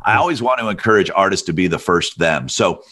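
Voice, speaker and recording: As an interview guest, this middle-aged man from Alabama spins long, relaxed stories at a slightly fast clip. His voice is very deep and rich, the kind that seems built for radio.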